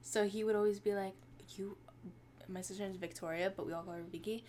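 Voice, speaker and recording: A woman's voice: medium pitch, steady tone, a little fast, dark tone, slight background noise. A young woman co-hosting a podcast, gushing and chatting casually with lots of filler words. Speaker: podcast co-host. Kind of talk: casual chat.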